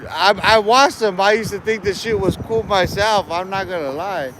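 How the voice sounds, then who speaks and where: A man's voice: sits high, moderate pace, a bit bright. A man livestreaming a confrontational, aggressive and profane rant from outdoors by a street on a handheld phone. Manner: aggressive, profane trash talk.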